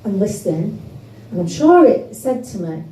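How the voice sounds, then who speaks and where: A woman's voice: mid-range voice, very animated, normal speed, dark tone, recorded from a distance, a little hiss or hum. A woman doing a stand-up comedy set, chatty and self-deprecating with many fillers. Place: comedy club. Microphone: phone standing on a table in the audience. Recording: echoey club recorded from afar.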